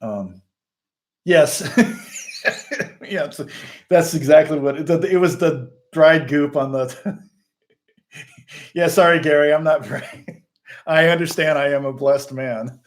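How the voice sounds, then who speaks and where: A man's voice: on the high side, slow pace, long pauses. Chatty middle-aged man with a raised voice. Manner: rambling and chatty, laughs often. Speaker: guitar teacher and channel host. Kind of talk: casual livestream chat.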